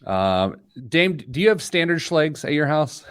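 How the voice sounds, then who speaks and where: A man's voice: fairly high pitch, moderate pace, clear, resonant tone, no echo, clean studio sound. A man hosting a podcast, telling stories and joking in casual chat. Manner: jokey, storytelling, animated. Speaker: podcast host.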